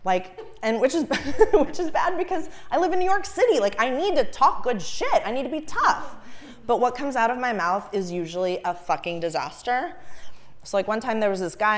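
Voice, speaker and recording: A young woman performing stand-up comedy on stage, her fairly high voice leaping up and down in pitch. She talks in an animated way, often laughing at her own jokes and pitching her punchlines into a shriek. She grew up in Los Angeles. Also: brisk. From Los Angeles, USA. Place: comedy stage before a live audience.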